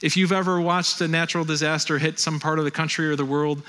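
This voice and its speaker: Bright-voiced, animated male preacher. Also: a little high, quick pace. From Western New York. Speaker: pastor. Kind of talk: sermon.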